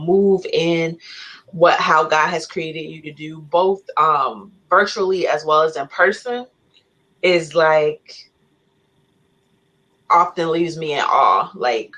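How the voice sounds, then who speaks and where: A woman's voice: sits low, a bit bright, poor audio. A woman co-host giving a rambling, admiring tribute with many "you know" and "like" fillers. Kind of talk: casual chat, tribute.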